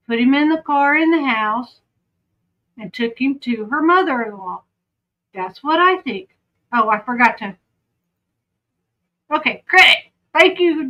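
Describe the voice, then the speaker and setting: A woman's voice: high-pitched, lively intonation, measured pace, long pauses, highs cut off. A woman with a Southern accent giving casual true crime commentary, chatty and often breaking off to aside. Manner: chatty, self-interrupting.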